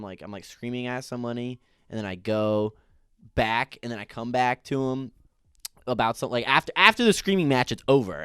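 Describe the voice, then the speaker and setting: A man's voice: mid-range voice, fairly bright tone, clear, resonant tone, no echo, clean studio sound. A man giving a casual, opinionated TV recap, ranting in a profane, exasperated way. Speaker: TV recap vlogger.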